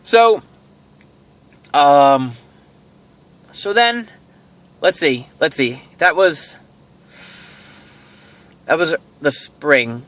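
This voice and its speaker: A man's voice: on the high side, extremely slow, long pauses, dry recording. A middle-aged man hosting a casual video, rambling through a personal story and acting out what each person said. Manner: rambling, animated, acts out quoted dialogue. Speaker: toy show host.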